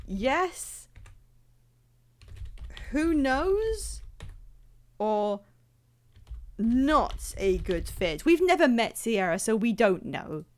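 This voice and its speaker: A woman streamer talks casually to her live chat while she plays. Her voice is slightly high and bounces all over the place. She speaks slowly, laughs often and makes fun of herself. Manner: chatty, laughs often, self-deprecating.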